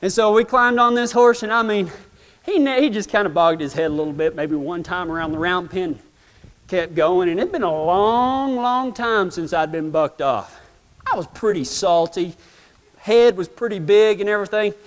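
A man's voice: sits high, normal speed. A man telling a humorous, self-mocking story in folksy rural speech to a live audience. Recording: long hall reverb.

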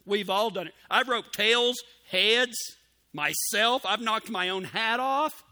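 Bright, high-voiced folksy preacher man. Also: slow. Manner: folksy and emphatic, with cowboy slang; repeats key phrases for emphasis. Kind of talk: sermon.

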